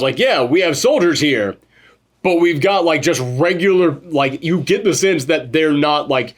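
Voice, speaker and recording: Animated man talking films casually. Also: on the high side. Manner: animated, swearing, mimics characters in quick asides. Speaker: podcast co-host reviewing a film. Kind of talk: casual film review chat.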